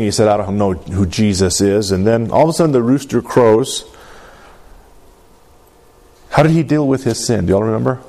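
A man leads an interactive Bible lesson. His voice is mellow and relaxed, at a middle pitch, and he keeps asking the group questions and checking in with "right?". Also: vocal fry. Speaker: Bible study teacher.

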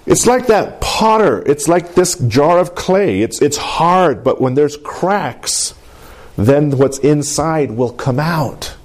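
A man preaching a sermon in an animated call-and-response manner, often asking for an amen and laughing. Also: on the high side, slow. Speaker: pastor.

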